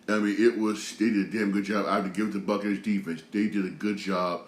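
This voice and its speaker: A man's voice: lowish voice, steady tone, fast, few pauses, roomy sound. Heated, slangy male show host. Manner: repetitive, heated, slangy, many restarts. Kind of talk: casual rant commentary.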